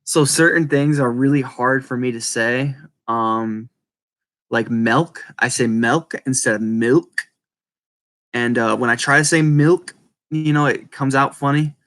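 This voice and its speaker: A man with a speech impediment chatting casually and rambling to viewers, halting and apologetic, often restarting his words. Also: medium pitch, fairly bright tone. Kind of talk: casual rambling livestream chat.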